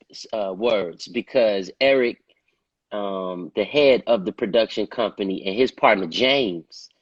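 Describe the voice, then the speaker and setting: A man's voice: fairly low pitch, husky, no room sound, dull audio. A male singer telling stories in a casual interview, laid-back and profane, often repeating filler phrases. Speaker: guest, R&B singer.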